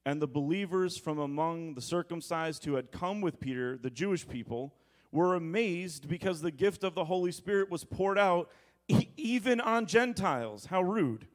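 A man's voice: fairly high pitch, normal speed, a little mellow. A man in his thirties preaching a sermon, reading scripture with conversational, joking asides and prompting the congregation to repeat words. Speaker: pastor.

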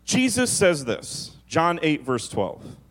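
A man preaching a sermon as pastor, moving from quick storytelling to slow, drawn-out emphasis on key phrases. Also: fairly high pitch, very animated, a bit bright.

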